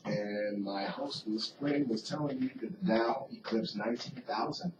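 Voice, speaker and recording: A man's voice: on the low side, moderate pace, background noise. A man co-hosting a radio talk show in an upbeat, promotional way, with a voice that cuts in and out. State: voice cutting in and out. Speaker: radio co-host. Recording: roomy lo-fi radio studio mic from a distance.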